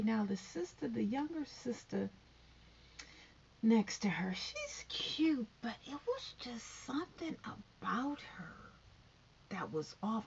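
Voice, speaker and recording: A woman's voice: on the high side, creaky, slight background noise. A woman vlogging from home, chatting bluntly and gossiping in a casual commentary. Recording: dull lo-fi recording.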